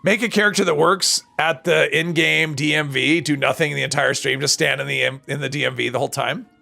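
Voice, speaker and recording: A man's voice: a little high, fairly even intonation, fairly quick, vocal fry, bright, forceful tone. A man chatting casually on a live stream while he plays a game, reading chat and answering it, his voice strained and tired.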